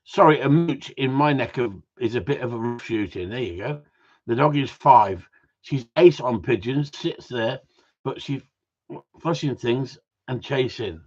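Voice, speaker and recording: A man's voice: medium pitch, lively intonation, a little slow, husky. A man hosting a casual live stream about gundogs, bantering, swearing and reading out viewer messages. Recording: dull lo-fi sound.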